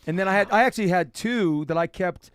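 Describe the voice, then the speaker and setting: Man, fast easygoing talk, smooth clear voice, dry close mic. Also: high voice, no room sound. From Florida. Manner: quick, easygoing, explains with restarts. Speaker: guest, reptile keeper. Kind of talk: casual chat.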